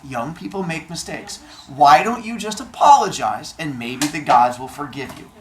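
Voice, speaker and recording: A man voicing a kindly old woman who gently warns a young girl, in a class storytelling. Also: on the high side, lively intonation, normal speed, natural voice. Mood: gentle. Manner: gentle, advising.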